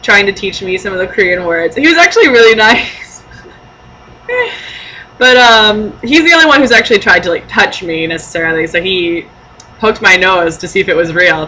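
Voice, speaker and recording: A young woman chats to her camera, telling stories in a loose, rambling way. Her voice is bright and lively, peppered with ums, likes and little laughs. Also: mid-range voice, a little hiss or hum, low-quality recording. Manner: giggly, lots of fillers and laughing asides. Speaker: vlogger. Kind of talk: casual storytelling to camera.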